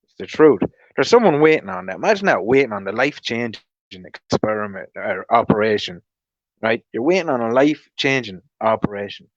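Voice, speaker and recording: A man's voice: on the low side, expressive, fairly quick, muffled recording. A man vlogging an angry, rambling monologue, swearing often and restarting his sentences. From Ireland. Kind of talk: ranting monologue.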